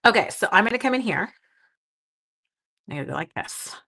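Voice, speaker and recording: A woman's voice: medium pitch, expressive, a little fast, gravelly, sharp tone, husky, poor audio. This is a woman in her forties who hosts a crafting livestream. She talks to her viewers in a chatty, upbeat and casual way, and she sounds like she is at home in her craft room. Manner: chatty and enthusiastic, talking to live viewers. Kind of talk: casual live-stream chat.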